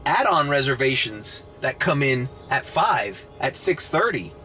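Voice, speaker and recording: A man's voice: medium pitch, sing-song, a little slow, pushed and bright, faint music behind. A sleep-deprived man ranting sarcastically to camera from his parked car in the early morning, swearing freely. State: short on sleep. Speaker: rideshare driver vlogger. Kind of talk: casual vlog rant to camera. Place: parked car at a charging station at night.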